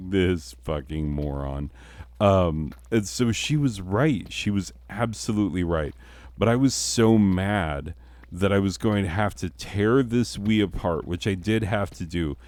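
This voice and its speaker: A man's voice: low-pitched, a little mellow, no echo. A middle-aged man and father, telling a story in a casual, profane, self-mocking way and laughing often. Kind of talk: casual storytelling while playing a game.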